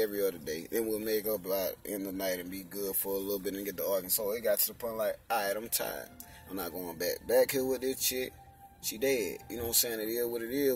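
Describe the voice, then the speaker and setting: A man's voice: fairly low pitch, darkish tone, recorded from a distance. A young man casually telling the story of his faith testimony, using lots of slang and saying "you know what I'm saying" again and again.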